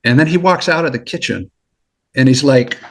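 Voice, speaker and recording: Brief: middle-aged male guest, gravelly, animated storyteller with frequent laughs, mid pitch. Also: normal speed. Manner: animated storyteller, laughs often, repeats words. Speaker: guest, former federal agent. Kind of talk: casual storytelling.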